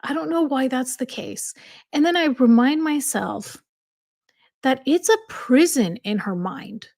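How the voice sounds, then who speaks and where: A woman's voice: sits high, lively intonation, unhurried, vocal fry, darkish tone. Chatty woman with a slight accent. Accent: slight foreign accent. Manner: chatty, reads viewer comments aloud and answers them. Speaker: livestream host reading chat. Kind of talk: casual live chat.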